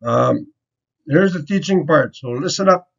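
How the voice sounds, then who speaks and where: A man teaching word sounds in an online lesson, explaining slowly and patiently in a folksy, easygoing way. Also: fairly high pitch, lively intonation, vocal fry, breathy edge. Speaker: language teacher. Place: home or office, virtual conference. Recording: muffled lo-fi audio.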